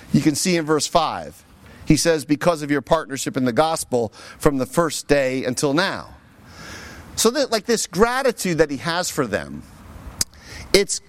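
A man preaching a sermon with a fairly high voice that rises and falls widely. He talks to the congregation in a conversational way, stressing key points and adding lively asides. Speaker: pastor.

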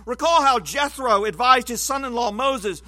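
Guy preaching a bible sermon, kinda high voice, measured and emphatic. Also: expressive, bright, forceful tone.

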